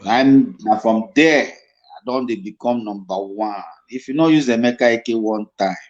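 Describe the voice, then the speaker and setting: A man's voice: mid-range voice, measured pace. A middle-aged man with a Nigerian accent, an actor telling stories in a casual interview and slipping into Pidgin. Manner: animated storyteller, dips into Pidgin. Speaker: guest actor. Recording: dull lo-fi recording.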